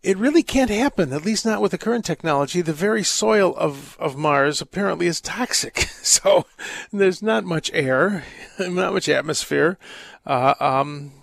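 Gravelly priest hosting call-in radio. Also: male voice, high-pitched, lively intonation, a little slow, fairly bright tone, no room sound. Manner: earnest pastoral advice with jovial asides. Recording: dry close studio mic.

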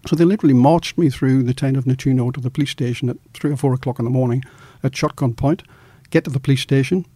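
A middle-aged male journalist from Australia telling a story in an interview, lively and acting out the quoted dialogue. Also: mid-range voice, fast, slightly rough, no room sound.

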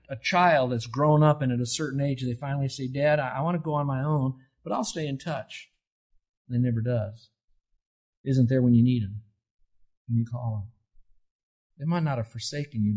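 A middle-aged man delivers a sermon as a pastor, his voice a little husky and worn at the edges. He speaks earnestly and directly to his listeners. When he quotes scripture, his pitch lifts and his voice grows louder. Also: poor audio.

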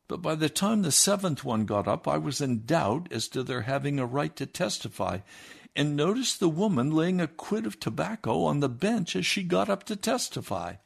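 A man reading a first-person memoir aloud in a steady storytelling manner. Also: a little high, normal speed, creaky, husky. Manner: steady storytelling with lively acted quotes. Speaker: reader.

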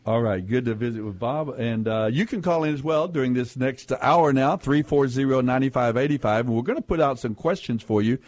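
A man's voice: medium pitch, fairly quick, few pauses. Laid-back guy hosting a call-in radio quiz, chatty, lots of uhs. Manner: relaxed, chatty, with fillers and chuckles. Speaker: radio quiz show host. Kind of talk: casual radio call-in talk.

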